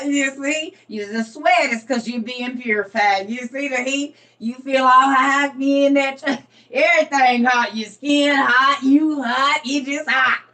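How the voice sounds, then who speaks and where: A woman's voice: on the high side, fairly bright tone, recorded from a distance. Laughing, teasing woman with a slangy drawl. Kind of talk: casual commentary on a reading.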